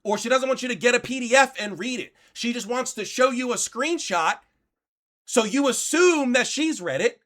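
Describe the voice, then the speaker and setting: A man's voice: very high-pitched, animated, moderate pace, a bit bright. A man hosting a reaction commentary, reading passages aloud and arguing back in an exasperated tone, swearing now and then. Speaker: commentary channel host.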